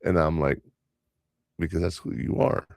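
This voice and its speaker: A man's voice: low-pitched, fairly even intonation, normal speed, vocal fry, darkish tone, no room sound, clean studio sound. An older man hosting a podcast in casual chat, rambling through stories and acting out other people's lines. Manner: rambling storyteller, quoting others in voices. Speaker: podcast host.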